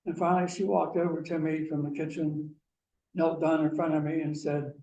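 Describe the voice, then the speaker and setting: A man from Pennsylvania giving a talk, telling a personal story slowly and deliberately. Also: fairly high pitch, little pitch movement, dark tone. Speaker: guest speaker. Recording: echoey room, mic far off, faint hiss.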